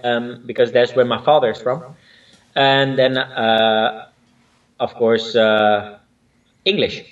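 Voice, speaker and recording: A man's voice: mid-range voice, fairly even intonation, slow pace, recorded from a distance, highs cut off. A man born in Spain who speaks with a mixed Spanish and Dutch accent, a choreographer chatting as a guest, often searching for words with fillers. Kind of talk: casual interview chat.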